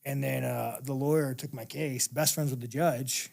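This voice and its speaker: A man sits in as a guest for a casual interview, and his voice has a rough, gravelly edge. He tells his stories bluntly and swears freely. He often breaks into laughter as he talks. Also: mid-range voice, steady tone, moderate pace, a little mellow. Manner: blunt, profane storytelling; laughs while telling stories.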